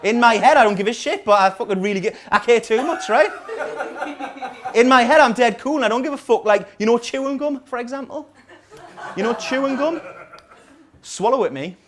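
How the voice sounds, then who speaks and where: Geordie man, high-pitched voice, stand-up comic, rambling self-deprecating storytelling, small live venue. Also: fairly quick, long pauses, very noisy. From North East England. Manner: rambling self-mocking storytelling with dry asides. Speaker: stand-up comedian. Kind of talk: stand-up comedy set. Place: small coffee house venue with a live audience.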